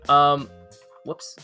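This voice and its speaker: A man hosting a live weird news reaction show, excitable and laughing, with stumbling restarts. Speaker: show host.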